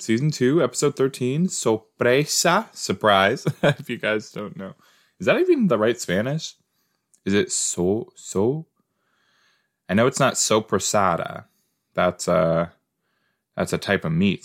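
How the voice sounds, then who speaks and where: A man with a lowish voice talks through a show in an unhurried, drawn-out way. He rambles and jokes, pausing on fillers as he works through his thoughts aloud. It sounds like a relaxed solo watch-along podcast. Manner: rambling, playful, thinks aloud with many fillers. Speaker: podcast host reacting to a TV episode. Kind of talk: casual watch-along commentary.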